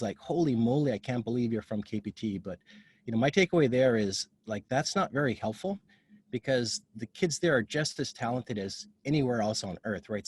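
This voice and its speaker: A man's voice: fairly low pitch, darkish tone, husky. A man from Hawaii, giving a casual, open talk as a guest speaker over a video call. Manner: casual, open, talks in quick bursts. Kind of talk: informal talk.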